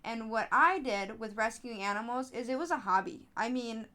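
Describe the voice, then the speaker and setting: A woman telling stories in a casual podcast interview, chatty and animated, with frequent fillers and restarts. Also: moderate pace. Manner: animated storytelling, acts out others in high voices. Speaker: podcast host, app founder being interviewed.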